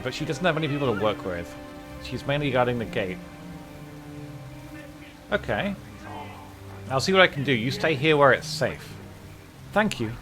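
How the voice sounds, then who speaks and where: A man's voice: mid-range voice, close to an everyday voice. A man voicing a frightened young woman from a video game town, stammering and pleading for help.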